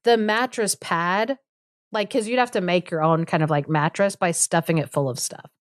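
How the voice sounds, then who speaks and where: A woman's voice: lowish voice, moderate pace, no room sound, clean studio sound. Chatty woman retelling a fairy tale. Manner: chatty, full of "like", acts out characters' lines with sarcastic asides. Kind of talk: casual storytelling chat.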